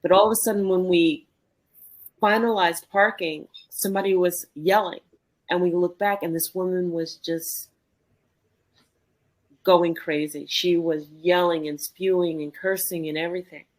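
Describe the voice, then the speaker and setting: Low-voiced woman telling a lively story. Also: measured pace. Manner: animated, re-enacts dialogue in her story. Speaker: podcast co-host. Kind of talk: conversational storytelling.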